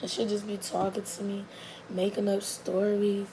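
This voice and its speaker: Young mom vlogger with a gravelly voice, rambling storyteller who drifts between lively and quiet asides. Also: female voice, moderate pace, background noise. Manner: rambling and animated, with many likes and restarts; drops to a soft, low murmur for long stretches. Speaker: mother telling a story about her daughter. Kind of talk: casual storytelling to the camera.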